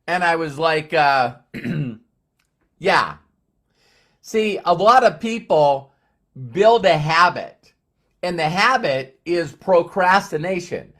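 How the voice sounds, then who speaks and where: A man's voice: a little high, animated, takes it slowly, a bit bright. A man giving a motivational talk on a live stream, rambling with many restarts and repeated words, short on sleep. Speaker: motivational speaker.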